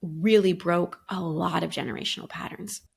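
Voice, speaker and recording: Middle-aged woman guest, low and gravelly, earnest, thinks aloud. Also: fairly even intonation, moderate pace. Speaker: guest coach. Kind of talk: reflective podcast conversation.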